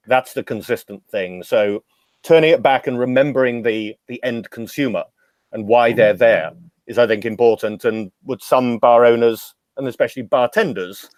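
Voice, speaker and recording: A man's voice: medium pitch, dry recording. Dry-voiced man telling wry anecdotes. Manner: expansive, anecdotal, wry humor. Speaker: podcast guest, drinks educator. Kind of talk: casual storytelling interview.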